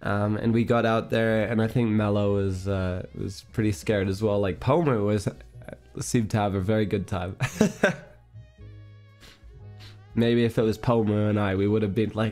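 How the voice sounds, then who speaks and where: A man's voice: fairly low pitch, steady tone, normal speed, a little mellow. Congested young guy streaming from home, rambly chat, lots of ums, faint music under it. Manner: rambling, laughs often, many fillers. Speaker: livestream host. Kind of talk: casual chat storytelling.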